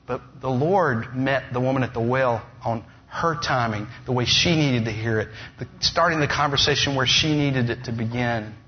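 Animated storytelling preacher, lo-fi. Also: male voice, mid-range voice. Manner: animated storytelling with humorous asides. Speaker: pastor. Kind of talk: sermon. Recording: dull lo-fi sound with faint noise.

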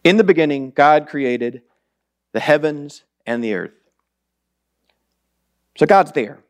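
Casual rambling man preaching a sermon. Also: mid-range voice. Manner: casual, rambling, self-deprecating. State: strained voice. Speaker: lay preacher. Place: church sanctuary.

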